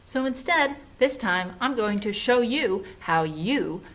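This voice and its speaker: A woman's voice: fairly high pitch, lively intonation, takes it slowly, fairly bright tone. A woman music teacher giving a children's lesson online in a patient, sing-song teacherly way.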